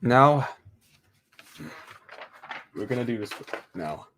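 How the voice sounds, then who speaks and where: Excitable man reading a script aloud. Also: medium pitch, normal speed. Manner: excitable, exclaims at his own slips. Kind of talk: casual script read-through on a stream.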